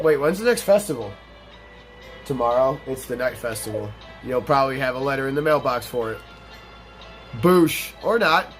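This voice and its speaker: A young man with a fairly high voice rambles through a let's-play, mixing game chatter with a long, profane anecdote. He talks casually and animatedly. Faint game music plays under his voice. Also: a bit bright. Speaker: gaming channel host.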